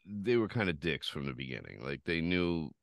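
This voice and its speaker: A man's voice: rumbling low, moderate pace, gravelly, dry recording. A man hosting a podcast, telling a rambling, profane story in casual chat. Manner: profane, rambling, animated retelling. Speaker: podcast host.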